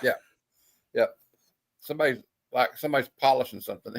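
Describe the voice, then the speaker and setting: This comic show host has a medium-pitched, gravelly voice and a brisk delivery. Joking and laughing often, he reads old comic panels aloud in put-on voices during a casual chat.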